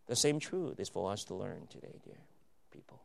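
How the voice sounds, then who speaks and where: A man preaching a sermon with emphatic, dramatic delivery that swings between loud declarations and quiet asides. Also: fairly low pitch, very animated, normal speed, gravelly. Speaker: pastor.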